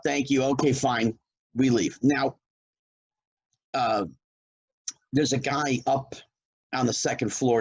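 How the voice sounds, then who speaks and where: A man's voice: medium pitch, breathy edge, low-quality recording. A middle-aged man from New Jersey, a former child actor, telling a story in casual chat and acting out the lines of the people in it. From New Jersey, United States. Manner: animated storyteller who acts out quoted lines.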